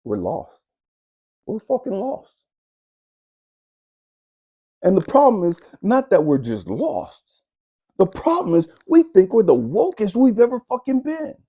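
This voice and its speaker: A spiritual coach tears into his listeners in a fierce, profane motivational monologue. His voice is raspy, his pitch swings widely, and he scolds like a preacher. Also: big pitch swings, moderate pace, mellow.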